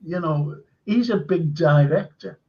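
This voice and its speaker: A man hosts a live-stream chat, telling stories with enthusiasm in a rambling way, full of fillers. His voice sits on the high side and moves at a measured pace, and the recording sounds muffled.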